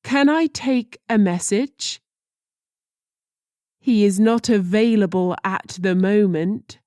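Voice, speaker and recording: Woman teacher reading phrases super slow, mellow dark voice, dry sound. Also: mid-range voice, no echo. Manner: slow and deliberate, careful pronunciation. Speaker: language teacher.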